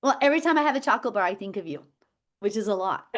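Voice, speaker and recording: A woman's voice: mid-range voice, animated, very fast, a bit bright. A middle-aged woman teaching health habits on a video call, chatty and telling stories with frequent laughter. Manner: chatty storyteller, laughs often. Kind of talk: casual video-call chat.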